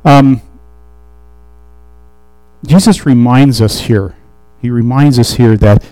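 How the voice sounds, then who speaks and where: Guy preaching a bible study, dark mellow voice, dry close sound. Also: mid-range voice, slow, dry recording, poor audio. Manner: conversational Bible teaching with restarts and fillers; reads scripture aloud then explains it. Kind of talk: sermon.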